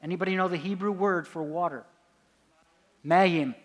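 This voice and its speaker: A man's voice: high voice, moderate pace. A man giving a conference lecture, quizzing the audience with questions and answering them himself. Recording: long hall reverb.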